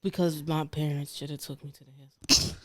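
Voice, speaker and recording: A young woman, a guest in a casual chat, blunt and quiet, chiming in often. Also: deep voice, steady tone, fast talker, no echo. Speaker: guest, old school friend.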